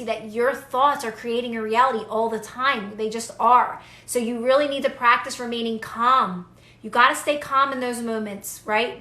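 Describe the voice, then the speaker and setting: Young woman, bright higher voice, earnest and reassuring live-stream coach, echoey room. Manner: earnest, reassuring, repeats phrases for emphasis. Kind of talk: casual live-stream advice, answering viewers.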